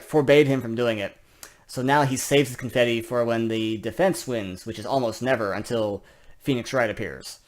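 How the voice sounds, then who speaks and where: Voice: medium pitch, a little hiss or hum. Let's player reading game lines aloud. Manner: voices every character in turn, with quick asides. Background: game music.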